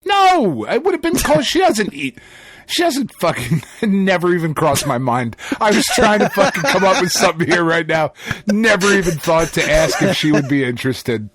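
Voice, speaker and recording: Speaking with a fairly high, slightly breathy voice at a moderate pace, a man co-hosting a podcast recounts a story. It's casual and animated, packed with swearing and laughs.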